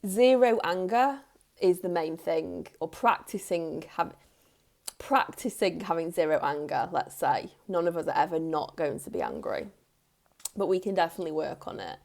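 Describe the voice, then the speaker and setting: A woman in her thirties, a parenting coach, giving earnest advice straight to the camera in a soft tone, repeating key phrases for emphasis. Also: fairly low pitch, animated, moderate pace, vocal fry. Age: 30s. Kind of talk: direct-to-camera advice talk.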